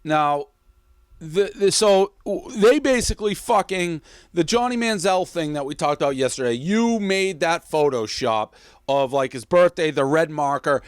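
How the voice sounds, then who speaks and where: A man's voice: fairly high pitch, animated, unhurried, clean tone, dry recording, rough recording. A man hosting a casual blog show, ranting heatedly with lots of swearing. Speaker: show host. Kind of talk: casual sports-blog banter.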